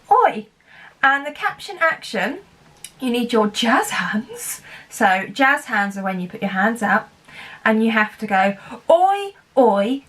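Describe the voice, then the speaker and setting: A woman's voice: on the high side, fairly bright tone. A woman with an English accent teaching a phonics lesson to young children, encouraging and chanting sounds in a sing-song way. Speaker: primary school teacher.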